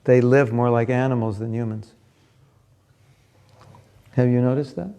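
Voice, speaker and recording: Gravelly-voiced man giving a scripture class. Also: mid-range voice, fairly even intonation, a little slow, warm tone. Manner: conversational, storytelling, asks listeners questions. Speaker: class speaker.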